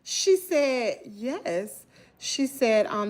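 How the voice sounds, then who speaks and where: A woman with a Southern American accent telling a story to her viewers in an animated, indignant vlog. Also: medium pitch, a little slow. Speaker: vlogger.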